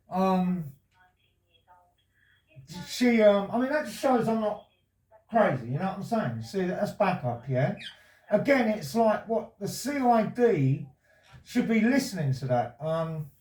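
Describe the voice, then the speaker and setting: A man's voice: high voice, darkish tone. A man making a complaint to the police, talking in a rambling, insistent, agitated way. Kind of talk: conversation with police. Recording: roomy, from far off the mic.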